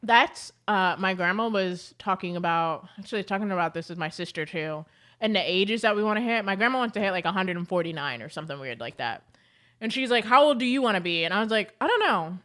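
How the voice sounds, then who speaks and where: A young adult woman chatting casually to camera as a beauty vlogger, telling animated stories with lots of fillers. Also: fairly low pitch, brisk.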